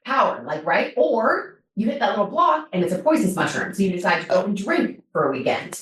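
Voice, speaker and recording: A woman guest on a podcast in casual chat, animated and swearing, with many fillers. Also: mid-range voice, brisk, recorded from a distance. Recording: very roomy, from off mic.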